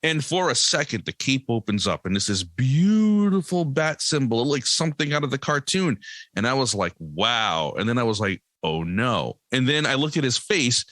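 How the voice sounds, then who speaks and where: A man who is a guest on a podcast tells a family story in a casual, animated way, laughing often and acting out what people said. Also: medium pitch, normal speed, no echo. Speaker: podcast guest, comic creator and single dad.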